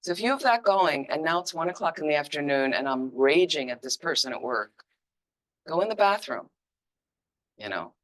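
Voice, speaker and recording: A woman giving an informal, conversational dharma teaching with emphatic, lively asides. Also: low-pitched, moderate pace. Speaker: Buddhist teacher.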